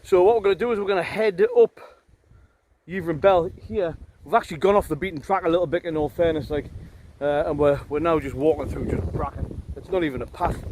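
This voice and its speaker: A middle-aged hiking vlogger from Northumberland, England, chats to camera on a windy open hillside, rambling with plenty of ums and uhs and wryly teasing his companion. His voice is on the high side, a little fast and a little mellow. Wind and background music can be heard.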